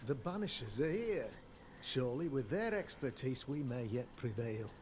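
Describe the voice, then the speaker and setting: An actor playing a pompous middle-aged colonial governor who speaks in a formal, long-winded, courtly way, heard as game audio over ambient noise. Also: male voice, medium pitch, big pitch swings, normal speed, natural voice. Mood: stately.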